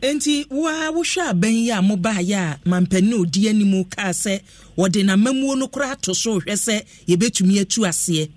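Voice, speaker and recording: A Ghanaian man hosts a radio talk show and questions his guest in a probing way. His voice sits quite high, and the sound is close and dry. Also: lively intonation, normal speed, no echo. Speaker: radio host. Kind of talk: radio interview in Twi.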